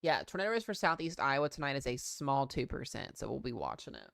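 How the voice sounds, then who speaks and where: A man's voice: mid-range voice, wildly swooping pitch, fast talker, creaky, a bit bright. A young man in his twenties talks through the weather on a casual livestream. He is loose and chatty, with plenty of ums and likes, and often stops to answer questions from chat. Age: 20s.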